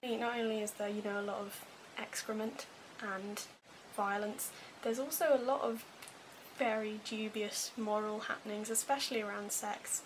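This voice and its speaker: A woman's voice: mid-range voice, fairly even intonation, moderate pace, background noise. A woman with a posh English accent giving a chatty, wry, self-deprecating book review. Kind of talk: casual book review vlog.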